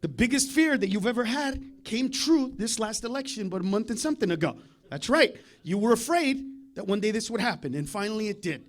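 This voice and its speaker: Brash high-voiced stand-up comedian. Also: male voice, lively intonation, fairly quick. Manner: loud, brash, profane ranting.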